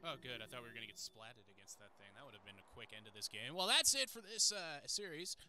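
A man's voice: on the low side, quick pace, bright, forceful tone. A man hosting a let's play, commenting on the game in an enthusiastic, chatty way. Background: game music.

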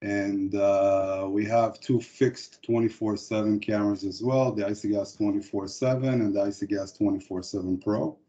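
Guy hosting a product webinar, kinda lowish mellow voice, lots of pauses, muffled web call sound. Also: steady tone. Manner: halting, frequent hesitations. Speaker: webinar presenter. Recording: dull lo-fi webinar audio.

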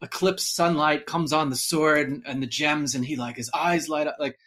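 A man talking casually on a podcast, rambling and animated, full of fillers and restarts. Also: fairly high pitch, normal speed. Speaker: podcast guest. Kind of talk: casual movie discussion.

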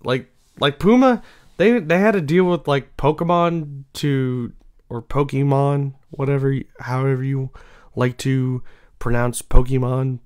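Young man, casual solo talk, slow unhurried delivery, smooth clear voice, rambling with fillers. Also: mid-range voice, a little mellow. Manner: rambling, many fillers and restarts. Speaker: show host.

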